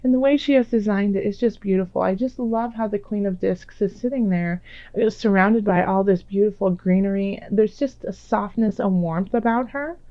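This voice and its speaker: Woman, tarot reader, gentle and reassuring, slightly raspy voice, dry muffled home mic. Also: mid-range voice, moderate pace, no room sound. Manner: gentle, reassuring, many fillers. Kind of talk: casual tarot reading. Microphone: own microphone.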